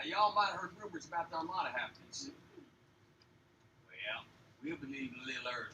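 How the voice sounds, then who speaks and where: A man's voice: mid-range voice, pushed and bright, slight background noise. An actor playing a tough Southern American army lieutenant who drawls and swaggers as he rallies his men, with a Southern accent. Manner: drawling, gruff, swaggering speech. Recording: film clip played in an echoey room from far off.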